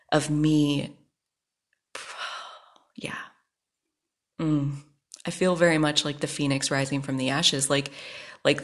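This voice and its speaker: Low-voiced woman hosting a candid podcast. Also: a bit bright. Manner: candid and frank, swears when angry. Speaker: podcast host. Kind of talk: personal monologue.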